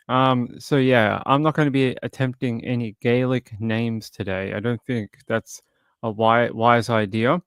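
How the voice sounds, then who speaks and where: A man hosting a true crime stream in an easygoing, chatty way, rambling and cracking jokes between stories. His voice sits at an ordinary middle pitch. The sound is dry, with no room around it. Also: a little slow, dry recording. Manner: joking, rambling, chats with viewers. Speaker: true crime livestream host. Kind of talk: casual live-stream chat.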